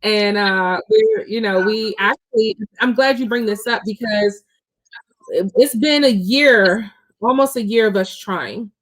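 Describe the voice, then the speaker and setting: A woman's voice: mid-range voice, measured pace. Talk show guest: a woman in her thirties, open and chatty, personal story. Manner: open and chatty, many fillers.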